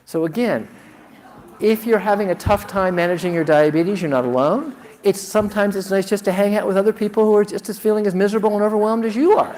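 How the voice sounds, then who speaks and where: A man's voice: high voice, fast, darkish tone. A man speaking earnestly to a conference audience, urging people to talk to each other. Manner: earnest, encouraging. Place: conference hall.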